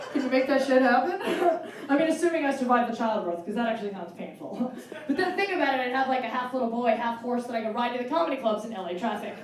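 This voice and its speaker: A woman in her forties doing a self-mocking stand-up set on a live stage, chatty and quick to laugh. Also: a little high, lively intonation, crowd noise. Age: 40s. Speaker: stand-up comedian. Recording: roomy live hall from far off.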